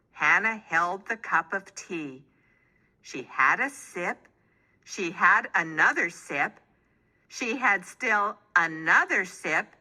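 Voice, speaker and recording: Reading from a children's picture book, a woman tells the story expressively. Her voice is on the low side and her pace is slow.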